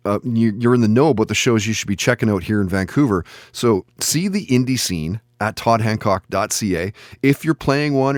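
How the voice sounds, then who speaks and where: Host: man, lowish voice, dry close mic, upbeat announcer reads. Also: no room sound. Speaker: podcast host. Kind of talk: scripted show plugs and guest introductions.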